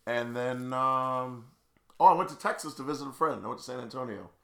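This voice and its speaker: Bright-voiced man telling stories animatedly. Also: medium pitch, a little fast, echoey room. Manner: animated, laughs through his own stories. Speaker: podcast co-host. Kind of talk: casual chat, storytelling.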